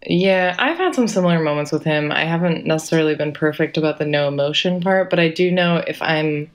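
A woman, a mother, co-hosting a casual chat, easygoing and quick to laugh. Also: low-pitched. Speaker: podcast co-host and mother.

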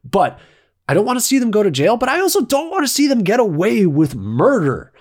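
A man's voice: sits high, wildly swooping pitch, brisk. A man ranting sarcastically and swearing freely in a casual movie review chat.

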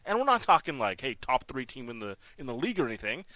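Host, male, post-game hockey chat, bright forceful tone, dry close mic. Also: mid-range voice, quick pace, no room sound. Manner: animated, restarts often, laughs while talking. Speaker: sports podcast host.

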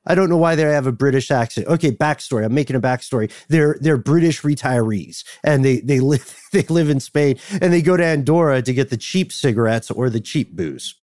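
A man's voice: mid-range voice, a little fast, hardly any pauses, no echo, clean studio sound. Joking man co-hosting a podcast. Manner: jokey, animated, laughs often. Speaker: podcast co-host. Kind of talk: casual chat.

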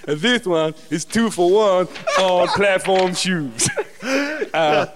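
A man's voice: high-pitched, slow pace, background noise, voice pushed up. A podcast host playing a bumbling male guard with a lisp in improvised comedy role-play, rambling and giggly. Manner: rambling, giggly, self-deprecating.

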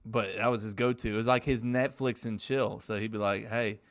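A man's voice: on the low side, fairly even intonation, a little fast, dry recording. A man co-hosting a casual podcast, telling crude jokes and stories about friends. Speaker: podcast co-host. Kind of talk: casual chat.

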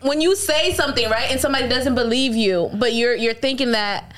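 A young woman in casual chat, giving hesitant, halting hints in a word game with many pauses and fillers. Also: a little high, fairly bright tone.

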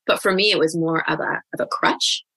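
A woman in her forties opens up in a podcast interview, reflective and candid, with quick asides. Her voice is bright and sits somewhat low. It is recorded dry and close on the mic. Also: steady tone, breathy edge, dry recording. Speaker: guest coach.

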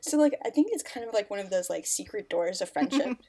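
A woman's voice: medium pitch, lively intonation, fast talker, mellow. A woman co-hosting a podcast in casual chat, speaking earnestly and full of compliments. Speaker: podcast co-host.

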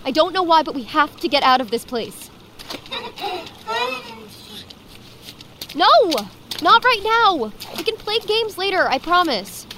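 A very high nervous young heroine. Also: female voice, sing-song, a little fast, background noise. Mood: scared. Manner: nervous, apologetic, stammering. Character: anxious apologetic young woman haunted by dreams. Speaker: game protagonist. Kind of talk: video game voice acting.

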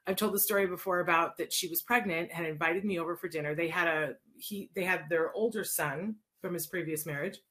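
A woman hosting a show, telling personal stories and answering listener questions in a casual, expressive way, with many fillers and restarts. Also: fairly low pitch, a little fast, few pauses.

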